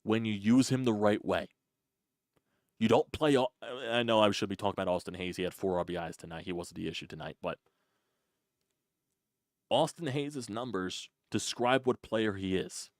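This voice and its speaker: A man's voice: lowish voice, normal speed, pauses often, dry recording, studio quality. A man hosting a sports channel, ranting in an exasperated, repetitive way and mocking others in a put-on voice. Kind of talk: ranting sports reaction monologue.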